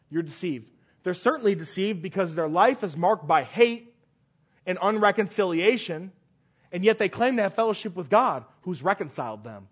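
A male pastor with a high-pitched voice preaches a sermon. He emphasizes phrases by repeating them and swings between loud declarations and hushed lines.

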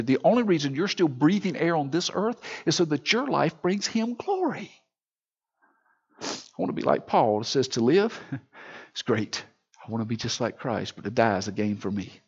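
Husky-voiced man preaching with fervor. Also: medium pitch, dull audio. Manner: impassioned preaching, swings from hushed to loud. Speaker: pastor. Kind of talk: sermon.

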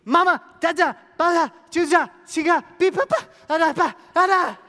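A man's voice: very high voice, normal speed, pushed and bright, voice pushed up. A man voicing a frustrated two-year-old boy who screams baby babble instead of words. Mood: screaming, frustrated. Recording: long reverb of a large hall.

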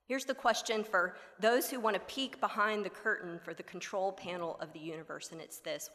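A woman's voice: mid-range voice, brisk, few pauses. Woman preaching in a reverberant hall. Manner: expressive, rhetorical, drops to near whispers for emphasis. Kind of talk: sermon.

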